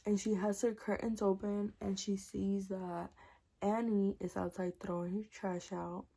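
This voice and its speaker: A woman's voice: medium pitch, unhurried, vocal fry, slightly rough. A young woman telling a personal story in a casual, profane vlog, acting out what everyone said. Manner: animated, profane, acts out dialogue.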